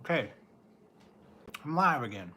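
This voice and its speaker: Bright-voiced man chatting on a live stream. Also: on the high side, measured pace, husky. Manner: relaxed, rambling, chats with viewers; talks while eating and drinking. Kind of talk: casual live stream chat. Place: home.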